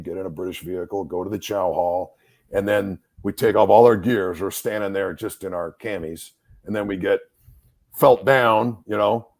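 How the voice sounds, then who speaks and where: A middle-aged man, a Marine reservist officer, telling a story in a casual interview and acting out the dialogue as he goes. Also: lowish voice. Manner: animated storyteller who acts out quoted dialogue.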